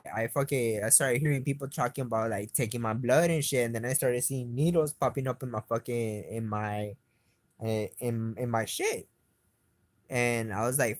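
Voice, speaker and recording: A young man on a swear-filled, rambling rant, agitated and hard to stop. His voice sits at an ordinary middle pitch and jumps higher when he gets heated. The sound is dry and close, with no room echo. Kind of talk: profane rambling rant to camera.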